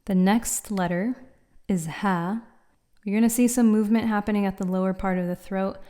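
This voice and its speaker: A woman teaching pronunciation in a patient, clear instructional style, demonstrating sounds aloud. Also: medium pitch, fairly even intonation, moderate pace, dark tone. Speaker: Quran recitation teacher. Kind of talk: instructional explainer.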